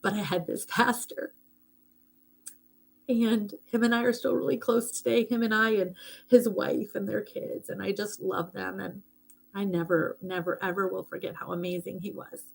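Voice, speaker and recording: A woman's voice: mid-range voice, steady tone, normal speed, gravelly, breathy edge. A middle-aged woman hosting a live stream, chatting casually and heartfeltly, rambling a little and thanking viewers for gifts.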